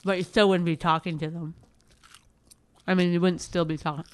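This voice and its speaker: A woman's voice: lowish voice, level tone, a little fast, darkish tone. A woman co-hosting a podcast, bickering with her husband in a blunt, sarcastic way and swearing freely. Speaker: podcast co-host. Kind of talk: casual bickering chat.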